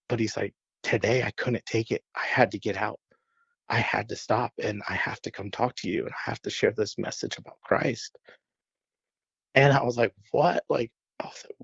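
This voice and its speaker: A young adult man sharing a personal testimony, retelling events in a lively way with quoted dialogue, on a dull, dry lo-fi recording. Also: mid-range voice, vocal fry, slightly rough, no room sound. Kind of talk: personal storytelling.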